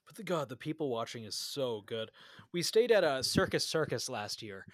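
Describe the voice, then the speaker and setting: A man's voice: medium pitch, big pitch swings, normal speed, no echo, studio quality. A man hosting a podcast, talking in an easygoing, wry way. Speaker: podcast host. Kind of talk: casual chat.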